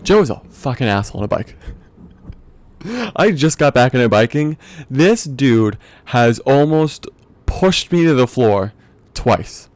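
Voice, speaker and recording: A man's voice: medium pitch, very animated, measured pace, darkish tone, no room sound. A young man hosting a podcast, telling a comic rant in a profane, exasperated way and laughing often. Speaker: podcast host. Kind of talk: comedic storytelling rant.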